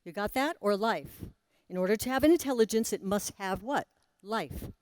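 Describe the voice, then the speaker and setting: A woman giving a spiritual talk to a live audience. She speaks slowly, pauses often, drops suddenly to a soft voice and puts questions to the listeners. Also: mid-range voice, animated, no echo. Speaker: spiritual teacher.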